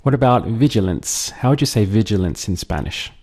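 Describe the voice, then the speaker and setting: A man teaching a language lesson, patiently drilling words and pausing for the listener to repeat them. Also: on the low side, expressive, darkish tone, slightly rough. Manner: slow, patient, drills words and pauses for repetition.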